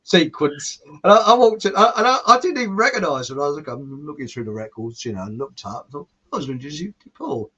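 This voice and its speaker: A male show host rambles through viewer comments in a casual chat, chuckling at his own jokes. His fairly high voice is expressive, brisk, a bit bright and slightly rough, with few pauses. The audio is muffled and lo-fi.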